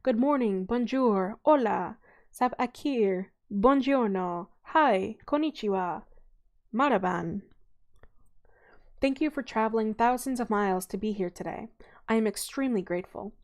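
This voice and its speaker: Woman reading as a greedy smooth tycoon. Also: on the high side, measured pace, a little mellow, lightly acted. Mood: welcoming. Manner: polished, formal welcoming speech.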